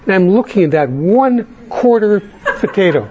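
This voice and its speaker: A man's voice: sits high, expressive, muffled recording, noisy background. A man from Canada giving a personal recovery testimony in an earnest, confessional way, often stopping to restart and repeat words. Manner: halting, with frequent restarts and stammered repeats. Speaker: speaker sharing a recovery story.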